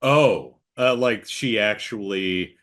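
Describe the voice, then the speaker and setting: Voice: mid-range voice, takes it slowly, a bit bright. Host, dry jokey asides in casual film chat. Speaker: podcast host. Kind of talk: casual movie review chat.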